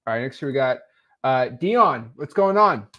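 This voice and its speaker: A man in his twenties, a coach hosting a live call, relaxed and teasing, with plenty of fillers. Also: medium pitch, measured pace, dull audio. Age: 20s. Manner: laid-back, teasing, with many fillers.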